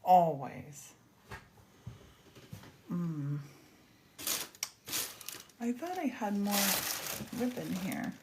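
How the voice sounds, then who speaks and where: A woman's voice: mid-range voice, very animated, very slow, pauses often, noisy background. A woman hosting a casual crafting demonstration, chatty and gushing as she works. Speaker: craft host.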